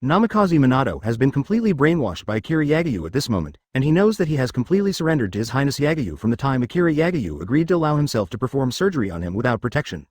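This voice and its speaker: A man narrating a fan-fiction story in a steady scripted reading. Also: mid-range voice, racing, hardly any pauses, no echo, clean studio sound.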